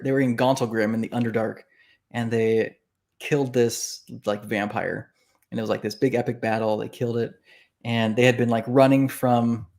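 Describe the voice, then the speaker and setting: A man, an author guest in a casual interview, telling stories in an animated way and acting out the reactions he quotes. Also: mid-range voice.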